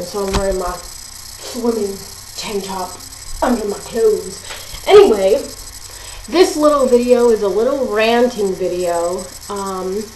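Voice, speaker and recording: A teenage girl telling a ranting story at home, chatty and exasperated, with lots of "like" and "um". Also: on the high side. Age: teens. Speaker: vlogger. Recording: roomy echo, faint hiss.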